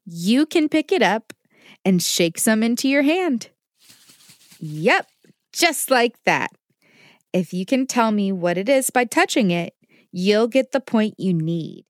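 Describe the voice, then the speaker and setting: A woman's voice: on the high side, lively intonation, slow pace, pauses often, no echo, clean studio sound. A woman voicing a patient, caring mother who teaches her child kitchen safety. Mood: warm. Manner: patient and instructive. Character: gentle, safety-minded mother.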